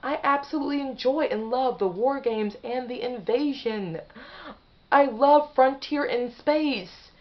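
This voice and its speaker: A woman's voice: sits high, unhurried. Rambling woman vlogger, lo-fi sound. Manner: rambling, restarts and self-corrections. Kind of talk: casual opinion vlog. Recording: slightly dull lo-fi audio.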